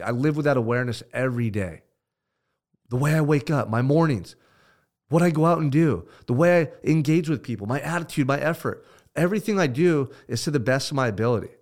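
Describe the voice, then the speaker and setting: Intense, emphatic male motivational speaker. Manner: intense and emphatic, swinging from loud pushes to low hushed stretches; blunt, with swearing. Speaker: podcast host. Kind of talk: motivational pep talk.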